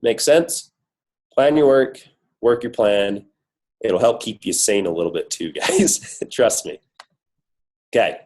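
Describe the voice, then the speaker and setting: Man, has a cold, worn voice, fairly low pitch, upbeat motivational coaching talk, emphatic. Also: animated, takes it slowly, pauses often, darkish tone, low-quality recording. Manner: upbeat, emphatic, full of rhetorical questions. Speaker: corporate guest speaker on a team call.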